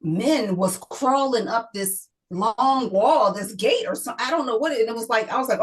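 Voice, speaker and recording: A woman's voice: on the high side, lively intonation, normal speed, few pauses, low-quality recording. A middle-aged woman, a guest author, telling an emotional personal story in an interview, often repeating herself and quoting others.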